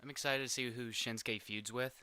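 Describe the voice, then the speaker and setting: A man's voice: mid-range voice, fairly even intonation, fairly quick, bright, forceful tone. A man in a casual wrestling podcast chat, eagerly speculating about what comes next. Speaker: podcast co-host.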